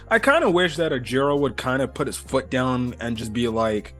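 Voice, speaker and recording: A man with a middle-pitched voice talks through an episode recap in a loose, chatty way. He rambles, restarts his thoughts and leans on fillers, getting excitable as he goes. Soft music plays faintly underneath. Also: fairly quick, hardly any pauses. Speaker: anime reviewer. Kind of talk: casual episode review.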